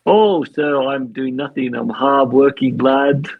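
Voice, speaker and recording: A man voicing a shifty, fawning male sailor in a deliberately bad accent. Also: medium pitch, phone-quality sound.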